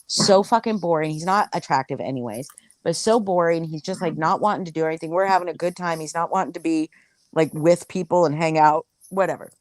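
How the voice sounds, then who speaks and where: A woman telling a crude anecdote in casual chat, animated, swearing and full of fillers. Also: low voice, a little fast, no echo. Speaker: storyteller.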